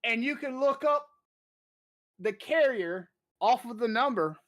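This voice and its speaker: A podcast host spinning an anecdote with plenty of swearing and lively explanation. The delivery is loose, chatty and confident, the way someone talks when recounting something that happened to them. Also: mid-range voice, measured pace. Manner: profane, animated anecdote-telling. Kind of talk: casual storytelling chat.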